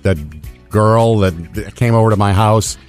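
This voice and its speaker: A man co-hosting a morning radio show, earnest and a bit rambling as he tells stories and pitches shows. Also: fairly even intonation, measured pace, a little mellow, clean tone, faint music behind. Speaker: morning radio co-host, food segment.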